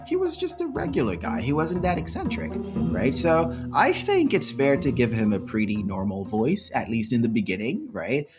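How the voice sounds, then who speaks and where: A man's voice: medium pitch, wildly swooping pitch, moderate pace, over music. A man co-hosting a history podcast in a playful, teasing, casual way. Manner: playful, mock-exasperated, teasing. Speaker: podcast co-host.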